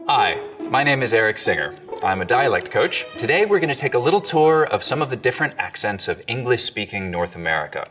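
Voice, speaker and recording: A man, a dialect coach, explaining accents in an educational video with clear, lively delivery. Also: mid-range voice, fairly quick, distant mic, over music.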